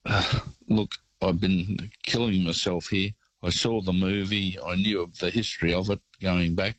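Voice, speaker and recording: Older man, Australian accent, radio caller, rambling storyteller, very deep voice, dry sound. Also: steady tone, unhurried, no echo, low-quality recording. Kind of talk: phone-in anecdote.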